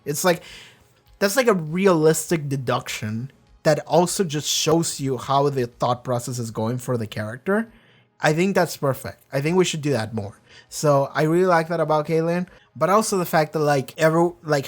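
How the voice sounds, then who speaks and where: Higher-voiced man rambling about a show. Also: animated, normal speed, soft background music. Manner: rambling, profane, acts out characters' lines. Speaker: reaction video host. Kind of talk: casual reaction commentary.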